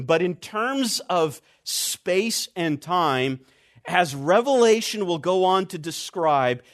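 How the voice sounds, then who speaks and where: Male preacher, expository sermon, fairly high voice, slow measured delivery, trailing off low at phrase ends. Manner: slow, deliberate emphasis, dropping low and quiet at phrase ends.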